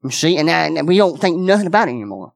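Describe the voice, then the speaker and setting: Guy preaching, highish voice, folksy, keeps repeating himself, dry sound. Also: sing-song, very fast, gravelly, no echo. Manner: folksy, repeats phrases, many restarts. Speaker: pastor. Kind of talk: sermon.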